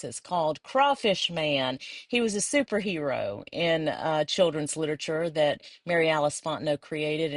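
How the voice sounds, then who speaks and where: A middle-aged woman with a South Louisiana accent talks in a casual, meandering way, fond and chatty. Her voice sits low, and the recording is close and dry with no room sound. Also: dry recording. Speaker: crafter. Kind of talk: casual craft flip-through.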